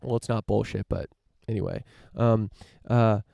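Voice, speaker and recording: A man's voice: lowish voice, moderate pace, creaky, warm tone, dry recording. A podcast host from the United States, a man riffing through a casual opinion monologue, rambling with lots of fillers, restarts and casual swearing.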